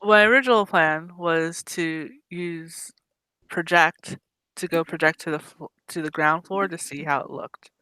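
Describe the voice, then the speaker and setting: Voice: mid-range voice, measured pace, pushed and bright, clean tone, no echo, low-quality recording. A player in a tabletop game, talking casually and asking tentative questions.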